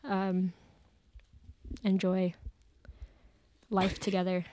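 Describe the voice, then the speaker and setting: A woman's voice: medium pitch, monotone, drawn-out words, warm tone, a little hiss or hum. A woman in her late teens, a podcast guest, chatting casually with lots of fillers and laughs. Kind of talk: casual chat. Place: church studio.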